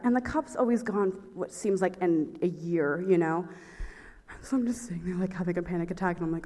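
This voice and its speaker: A young woman performing a stand-up story, talking in a breathless, excitable way and laughing at her own jokes. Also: medium pitch, fairly quick. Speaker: stand-up comedian. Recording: reverberant hall.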